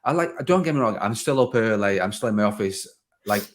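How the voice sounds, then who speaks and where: Low-voiced man, rambling host. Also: expressive, a little fast. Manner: rambling, restarts sentences, says "like" often. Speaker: podcast host. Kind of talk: casual conversation. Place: home garden office.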